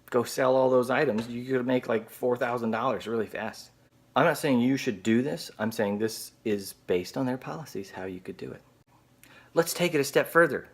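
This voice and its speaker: A man's voice: medium pitch, fairly bright tone, slightly rough. A man telling a story to camera as a video blogger, sarcastic and exasperated.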